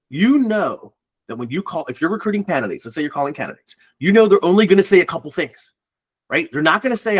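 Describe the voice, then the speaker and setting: A man who is a recruiter, chatting casually and bluntly, swearing and acting out phone calls. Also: on the high side. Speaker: recruiter guest. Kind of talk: casual podcast chat.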